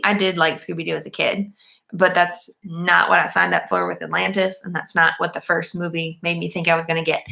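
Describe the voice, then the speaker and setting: A woman's voice: medium pitch, vocal fry, fairly bright tone. A woman casually recapping and reviewing a movie in a chatty, rambling way, full of "like" and "um".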